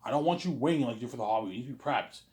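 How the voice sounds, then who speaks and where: This host talks very fast and expressively in a mid-range, darkish voice. His casual, rambling monologue maps out an imaginary film, sprinkled with "obviously" and emphatic pleas.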